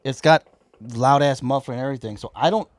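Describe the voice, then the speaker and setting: A man with a Chicago accent telling a profane work story in a casual, animated way and acting out both sides. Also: medium pitch, fast, no echo. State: high. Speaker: comedian guest.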